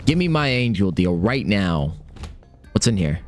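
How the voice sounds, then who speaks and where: A young man commentating his own game run, excitable and swearing, talking to himself. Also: fairly low pitch, fairly quick, faint music behind. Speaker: gaming streamer. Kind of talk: live let's-play commentary.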